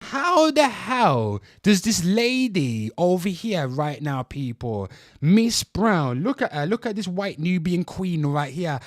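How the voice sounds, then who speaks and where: A man's voice: high voice, no room sound, clean studio sound. A young man hosting a reaction commentary show, ranting heatedly and swearing while talking straight to his viewers. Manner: heated, swearing, repeatedly addressing "people".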